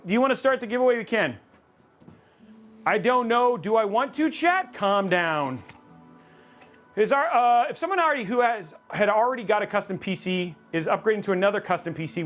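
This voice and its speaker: Brief: high, lively male streamer, casual and excitable, mock-rage yelps, faint music underneath. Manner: excitable, reads chat aloud, loud outbursts of mock rage. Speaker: livestream host building a gaming PC. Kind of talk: casual live-stream chat.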